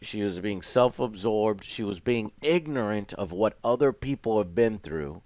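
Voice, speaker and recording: A man's voice: fairly low pitch, animated, moderate pace, darkish tone, no echo, highs cut off. A man reviewing a show online, ranting passionately and swearing. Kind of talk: heated video commentary.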